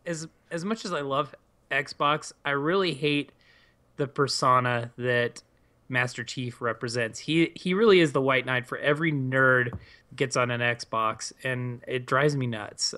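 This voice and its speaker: A man's voice: medium pitch, a little slow, sharp tone. A man co-hosting a podcast, talking bluntly with plenty of swearing in casual chat. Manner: blunt and profane. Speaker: podcast co-host.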